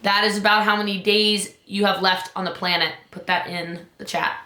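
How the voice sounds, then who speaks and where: A woman business coach giving an urgent motivational talk, her voice climbing high on key points. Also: fairly even intonation, normal speed, bright, forceful tone, roomy sound.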